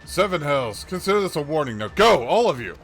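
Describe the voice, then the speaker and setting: A man's voice: fairly high pitch, big pitch swings, fairly quick, a bit bright, faint music behind, pitched above the performer's own voice. A man doing a threatening soldier. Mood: stern. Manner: barking orders and threats. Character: stern male soldier, threatening and officious. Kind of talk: reading game dialogue aloud on a livestream.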